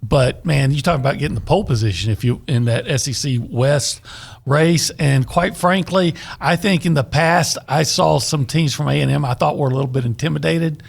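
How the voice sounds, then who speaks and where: A man previewing college football games in relaxed, measured sports radio conversation. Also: a little high, creaky. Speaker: football analyst.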